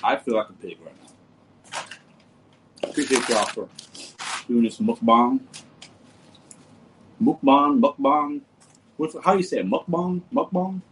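A man's voice: mid-range voice, lively intonation, a little slow, long pauses, noisy background. A man hosting a casual livestream, reading viewer comments and joking with them in a laid-back way. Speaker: livestream host.

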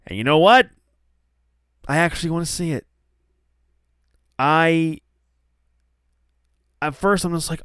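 A man hosting a wrestling talk show in casual opinion commentary, animated, with frequent restarts and acted-out quotes. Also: on the high side, takes it slowly, long pauses, clear, resonant tone, dry recording, clean studio sound.

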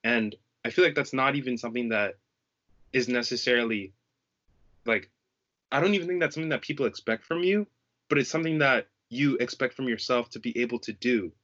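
A man's voice: mid-range voice, lively intonation, fairly quick, a bit bright, dull audio. Earnest young man, reflective casual talk. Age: young adult. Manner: earnest, reflective, searching for words. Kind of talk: casual conversation.

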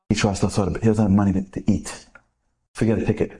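This inspirational speaker tells a story to a live audience in a low, husky voice, talking rapidly and animatedly. He keeps throwing rhetorical questions at the crowd and acts out bits of dialogue.

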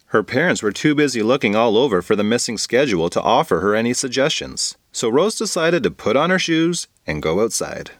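Playful guy reading a silly kids story, very animated, dry mic. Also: mid-range voice, fairly quick, hardly any pauses, dry recording. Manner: playful, goofy. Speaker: podcast storyteller. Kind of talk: scripted narration of a children's story.

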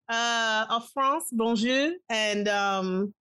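A woman's voice: a little high, moderate pace, a bit bright. A woman co-hosting a podcast, chatting in an upbeat way and greeting listeners. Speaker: podcast co-host. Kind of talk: casual chat.

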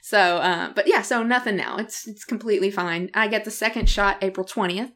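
Brief: middle-aged woman podcast co-host, animated chatty storyteller, laughs a lot. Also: medium pitch, a little fast. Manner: animated storyteller who laughs often and acts out quotes. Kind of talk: casual podcast chat.

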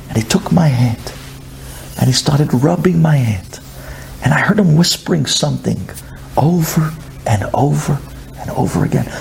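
Male storyteller for an inspirational sermon: gravelly, fairly high voice, dramatic, slips into whispers. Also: a little mellow, slight background noise. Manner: dramatic, dropping to intense whispers.

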